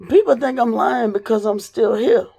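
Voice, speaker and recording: A woman vlogger telling a personal story straight to the camera, blunt and profane, her voice dropping low and then rising loud. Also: animated, moderate pace, creaky.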